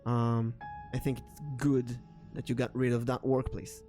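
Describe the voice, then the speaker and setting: A man hosting a casual tarot stream, talking in a rambling, halting way. His voice sits at a middle pitch. Quiet music plays underneath. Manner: rambling, animated when acting out dialogue. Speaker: tarot reader and streamer host. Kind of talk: casual storytelling and tarot reading. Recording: soft background music under the voice.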